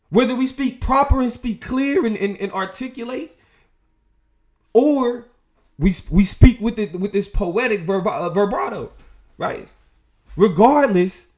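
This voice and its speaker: A man hosting a casual commentary show, talking in an animated, emphatic way with frequent restarts. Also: sits high. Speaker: show host.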